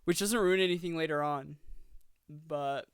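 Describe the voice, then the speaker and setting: A young man in his twenties co-hosting a podcast, chatting excitedly about a film and rambling through his points. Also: on the high side, measured pace, clean tone, no room sound, studio quality. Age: 20s. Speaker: podcast co-host. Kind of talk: casual film review chat.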